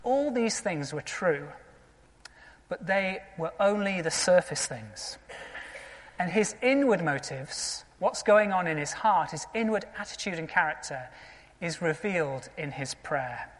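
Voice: medium pitch, expressive, unhurried, big-room sound. A pastor preaching a sermon in an earnest, conversational way, often asking the congregation rhetorical questions.

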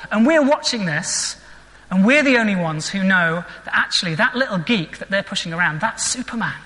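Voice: medium pitch, bright, forceful tone. A vicar preaching a sermon in an earnest, reflective way, asking rhetorical questions. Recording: long echoing church reverb.

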